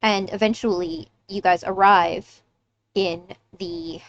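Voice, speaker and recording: A woman narrating a tabletop game as its game master. Her telling is loose and casual, heavy with fillers. Her voice sits at a middle pitch. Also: steady tone, takes it slowly, muffled recording.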